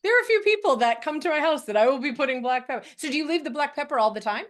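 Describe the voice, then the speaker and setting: A woman hosting a casual interview chat, a bit raspy today, laughing often and tagging her points with "right?". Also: high-pitched, animated, very fast. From Italian family background. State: raspy throat. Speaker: podcast host and coach.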